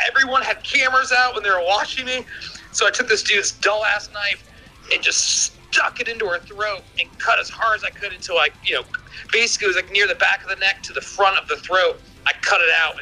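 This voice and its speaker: A young man telling a listener story in a rambling, profane, animated way, on a voicemail. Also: high voice, poor audio.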